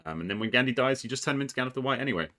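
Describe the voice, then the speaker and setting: A man commentating a recorded board game match in a casual, excitable way, with plenty of ums, restarts, laughs and the odd swear. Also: mid-range voice, rapid-fire.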